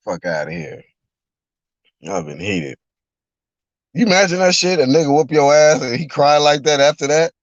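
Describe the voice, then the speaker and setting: A man ranting on a live reaction stream, mocking and animated, sometimes breaking into shouted impressions, in a car. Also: fairly high pitch, normal speed, pauses often, no room sound. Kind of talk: profane live reaction rant. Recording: dull lo-fi dry recording.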